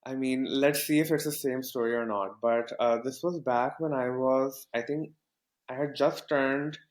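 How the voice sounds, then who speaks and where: A man's voice: mid-range voice, steady tone, a little slow, reverberant. A young man from Pakistan, a podcast guest telling a story casually with lots of fillers and restarts. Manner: rambling, many fillers and restarts.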